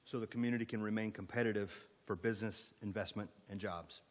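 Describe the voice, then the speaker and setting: A man's voice: on the low side, steady tone, fast, long reverb tail. A man with an Indiana accent presenting a rezoning proposal at a county planning meeting, in an orderly way with frequent fillers. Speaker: economic development presenter.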